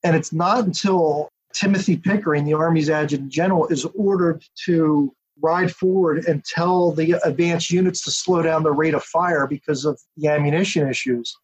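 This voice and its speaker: Husky, higher-pitched man explaining at length. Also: normal speed, hardly any pauses. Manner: detailed, steady storytelling with asides. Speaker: author and historian guest. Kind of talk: podcast interview, explaining history. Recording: dull lo-fi audio.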